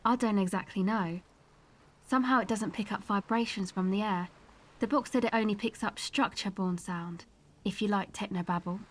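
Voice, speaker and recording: A woman's voice: medium pitch, normal speed, lightly acted. An actress playing a young woman field recordist in a game, talking in a blunt, casual, slightly awkward way. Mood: matter-of-fact. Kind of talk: game dialogue. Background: game music.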